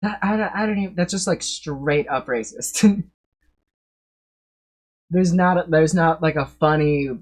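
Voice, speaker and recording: A man's voice: on the high side, measured pace, long pauses. Rambling, swearing male streamer. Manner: rambling, swears freely, laughs often. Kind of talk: live reaction commentary.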